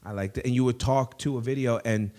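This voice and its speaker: A man's voice: medium pitch, fairly even intonation, fairly quick, mellow. A man hosting a comedy podcast in a studio, chatting casually with lots of rambling, laughter and crude asides.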